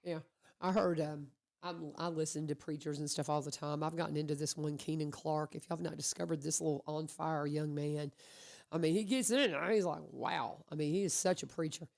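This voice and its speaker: Chatty low-voiced woman radio host. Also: fairly quick, vocal fry. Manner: chatty, animated storyteller who acts out quotes. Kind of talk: casual conversational interview. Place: radio studio.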